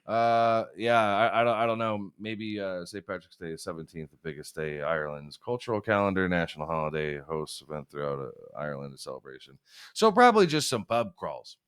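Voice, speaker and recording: A man's voice: low-pitched, lively intonation, a little fast, a bit bright, smooth. A young man hosting a podcast, rambling and swearing freely, often laughing at himself. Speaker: podcast host. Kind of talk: casual chat.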